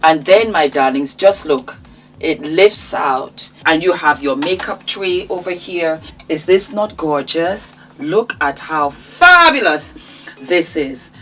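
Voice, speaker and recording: Woman, vlogger, casual product showcase, effusive and affectionate, deep voice, unhurried. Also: lively intonation, fairly bright tone. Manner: effusive, showers viewers with endearments. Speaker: vlogger presenting her own products.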